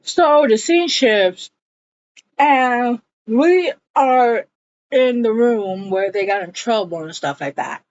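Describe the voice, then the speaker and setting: A woman's voice: on the high side, lively intonation, takes it slowly, a little mellow, lo-fi sound. A woman casually recapping a TV episode in a chatty, blunt way, swearing freely. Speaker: show recap vlogger.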